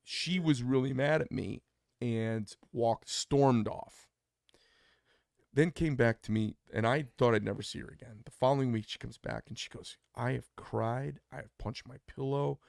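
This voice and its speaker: Gravelly man, mid pitch, blunt podcast storyteller, dry close mic. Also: normal speed, darkish tone, dry recording. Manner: blunt, opinionated, acts out quoted dialogue. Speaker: podcast co-host. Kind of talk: casual storytelling chat.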